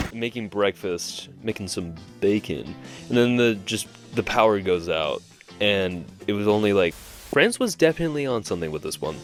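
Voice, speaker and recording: A man in his twenties hosting an animation channel, giving joking, self-deprecating comedic commentary. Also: on the low side.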